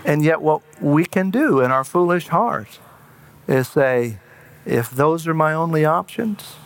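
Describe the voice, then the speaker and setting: A man preaching a sermon in an earnest way, slowing down and dropping to a hush for emphasis. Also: a little high, animated.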